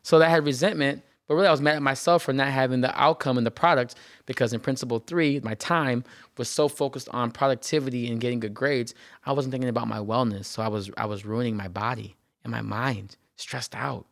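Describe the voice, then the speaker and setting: A man's voice: mid-range voice, fairly even intonation, a little fast, creaky, no room sound, clean studio sound. A man, a therapist hosting a podcast, telling his own story in an earnest, reflective way, often repeating phrases and checking in with "right?". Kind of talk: personal reflective podcast monologue.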